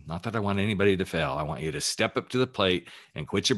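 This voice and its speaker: A man's voice: deep voice, lively intonation, fast, few pauses, a bit bright. A man who works as a life coach, giving a candid, emphatic motivational talk on his podcast and swearing casually as he goes.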